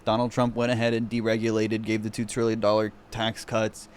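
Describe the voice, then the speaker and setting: A man's voice: fairly low pitch, monotone, fairly quick, a little hiss or hum. A man streaming, reacting with sarcastic, profanity-laden mockery in casual commentary. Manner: profane, mocking, sarcastic rants.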